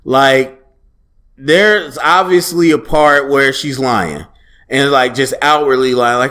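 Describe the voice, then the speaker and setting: A man's voice: medium pitch, slow. A man giving a casual solo review of a TV episode, talking loosely and animatedly and quoting lines as he goes. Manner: conversational, animated, quotes dialogue in a loose relaxed tone. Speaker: TV show reviewer.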